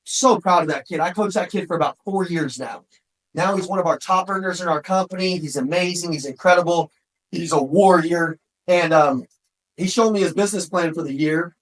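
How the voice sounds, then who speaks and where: A man giving an energetic motivational talk, often shouting for emphasis and calling listeners "bro" and "man". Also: fairly high pitch, normal speed, rough recording. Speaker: motivational speaker.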